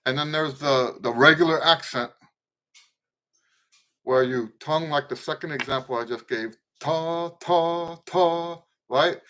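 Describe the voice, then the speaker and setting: A man in middle age teaches trumpet live, explaining accents in a loose, restarting way. He sings short tonguing syllables as he goes. His speaking voice sits a little high for a man. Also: unhurried, fairly bright tone. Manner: talks through points loosely, with restarts and sung syllables. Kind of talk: casual spoken lesson with playing demonstrations.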